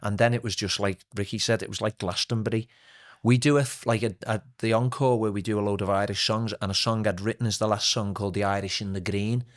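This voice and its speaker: A man, a singer and playwright, telling animated stories as a guest in a casual interview. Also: fairly low pitch, fast. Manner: animated, anecdotal storyteller.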